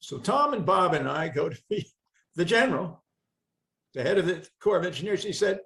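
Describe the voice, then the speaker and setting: Older man with a gravelly voice. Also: high-pitched, normal speed, poor audio. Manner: wry, anecdotal, with lively asides. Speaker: guest speaker, environmental lawyer. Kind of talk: storytelling talk.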